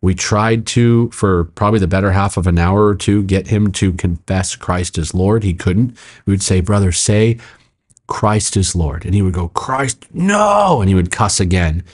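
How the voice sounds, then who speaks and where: Lower-voiced man telling an animated story. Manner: acts out quoted speech with sudden jumps in pitch; fast, emphatic narration with frequent "like" and "I'm like". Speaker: pastor. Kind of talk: animated storytelling in a podcast conversation.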